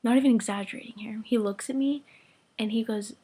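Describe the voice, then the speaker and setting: Breathy young woman gushing in whispers. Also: fairly high pitch, a little fast, dark tone. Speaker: vlogger. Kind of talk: excited storytime chat.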